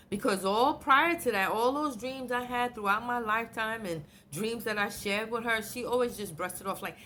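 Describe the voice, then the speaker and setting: A middle-aged woman vlogger telling a personal story in an animated, blunt way, swearing freely. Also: mid-range voice, normal speed, slight background noise. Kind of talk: emotional storytelling.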